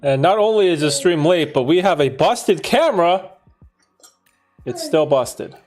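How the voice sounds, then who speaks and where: A man hosting a casual livestream, laid-back and playful with slangy banter, gentle when he talks to young children. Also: fairly high pitch, very animated, measured pace, soft background music. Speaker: livestream host.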